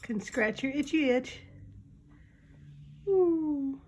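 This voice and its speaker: A woman's voice: a little high, expressive, unhurried, darkish tone, a little hiss or hum. A woman at home talking to her parrot in playful, cooing baby talk, teasing and sing-song. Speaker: pet owner filming her parrot. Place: indoors at home.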